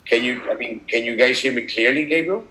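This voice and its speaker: A man hosting an online video call, talking in a halting way and switching between English and Spanish, heard through a damaged laptop speaker. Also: mid-range voice, noisy background. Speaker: meeting host.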